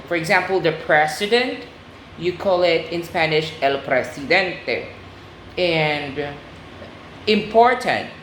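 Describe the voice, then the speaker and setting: A woman teaching a Spanish lesson, slow and deliberate, repeating words for her students. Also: sits low, fairly bright tone, slight background noise. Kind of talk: oral recitation lesson. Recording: echoey room with faint ambience.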